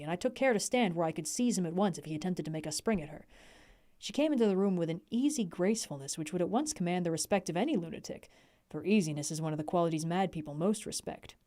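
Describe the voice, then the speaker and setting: Young woman reading a spooky old novel on stream, lowish voice, expressive. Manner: expressive reading, laughs in chat breaks. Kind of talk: novel read aloud on a livestream.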